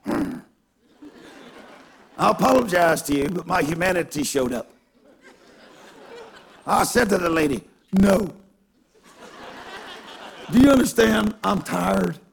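A man preaching a sermon through a self-mocking story, animated and given to bursts of shouting. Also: sits high, a little slow, vocal fry, pauses often, a little hiss or hum.

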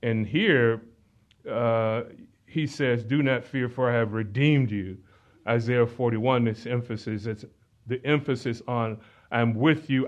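A man preaches at an easy teaching pace, stopping to read scripture aloud and explain it. His voice sits in a middle register. The recording is slightly dull and muffled. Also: mid-range voice. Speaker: pastor. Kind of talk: sermon.

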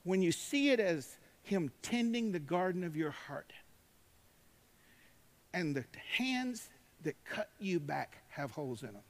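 Male preacher, high-pitched, emphatic sermon delivery, recorded in a church hall with a long reverb tail. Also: very animated, unhurried. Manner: emphatic, rising to shouts, drawling asides.

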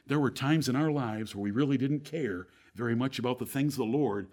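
A man preaching a sermon to his congregation. He asks rhetorical questions, quotes scripture, and swings between fervent build-ups and low, quiet stretches. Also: fairly quick. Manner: preaches with rising fervor, then drops to a low, quiet tone; rhetorical questions and Bible quotations.

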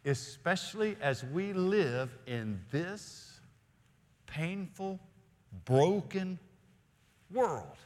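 A male senior pastor preaching a sermon in a church, earnest, often slowing and dropping to quiet emphasis. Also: on the high side, big pitch swings. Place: church sanctuary. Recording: long reverb of a large hall.

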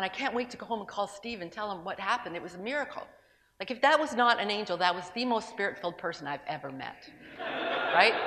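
A woman's voice: mid-range voice, a bit bright, in a large hall, slight background noise. A woman speaking to a gathering, telling a personal story in a conversational, sermon-like way with asides and restarts. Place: large room with an audience.

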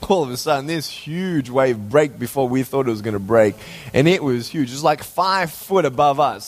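An Australian man preaches as a guest speaker, telling a personal story. When excited his voice leaps high, and to drive a point home it drops slow and hushed.

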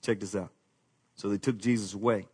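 A man's voice: lowish voice, fairly even intonation, brisk, darkish tone, breathy edge. A man preaching a sermon, with rising emphasis and casual asides to the congregation. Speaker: pastor.

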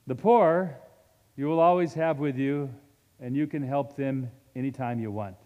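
A man preaching a sermon as a pastor, with dynamic delivery that swings from loud emphasis to hushed, slow moments. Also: mid-range voice, long reverb tail, phone-quality sound.

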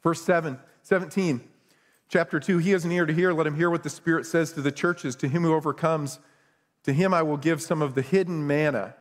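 A man's voice: on the high side, steady tone, fairly quick, big-room sound. A middle-aged male pastor preaching a conversational sermon with self-deprecating humor.

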